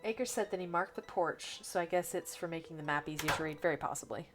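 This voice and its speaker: Casting: woman game streamer, slight Missouri twang, lowish voice, chatty, game music playing behind. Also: quick pace. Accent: Missouri Bootheel twang. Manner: chatty, thinks aloud, reads chat. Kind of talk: livestream gameplay commentary. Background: game music and cicadas.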